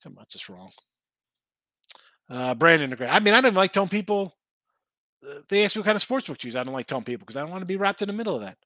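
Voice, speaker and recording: A man runs a casual sports betting stream, answering his chat in an excitable, rambling way that often winds itself up. His voice sits high and comes across bright and forward. The sound is dry and close, with no room around it. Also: quick pace, pauses often, no room sound. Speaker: sports betting show host. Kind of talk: casual live-stream chat reading viewer comments.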